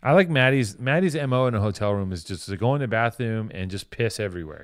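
A man with a lowish voice rambles through a casual podcast chat, crude and joking as he tells his stories. The sound is dry and close, with no room around it. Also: animated, fast talker, no echo. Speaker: podcast host.

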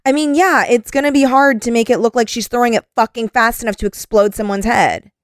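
A woman's voice: fairly high pitch, steady tone, brisk, dry recording, clean studio sound. A woman hosting a casual podcast chat, agreeing often and reading plot summaries aloud with many "like"s. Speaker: podcast host.

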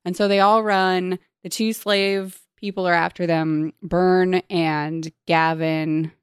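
Young female co-host, deadpan sarcasm, smooth voice, dry close sound. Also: lowish voice, dry recording. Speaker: podcast co-host. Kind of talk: casual chat recapping a book.

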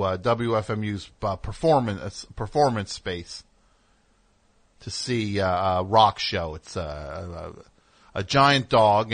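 A man's voice: on the low side, a bit bright. A man hosting a radio show, telling a story in a casual, rambling way with wry asides in the studio.

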